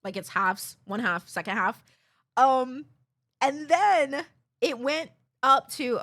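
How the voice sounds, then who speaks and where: A young woman streamer chats casually while telling an animated story, quoting other people and laughing often. Her voice is high-pitched and her pace slow.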